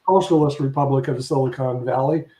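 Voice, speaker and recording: A man's voice: mid-range voice, brisk, warm tone, roomy sound, rough recording. A man hosting a live online panel, introducing guests with jokes and rambling, repeated words. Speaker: show host.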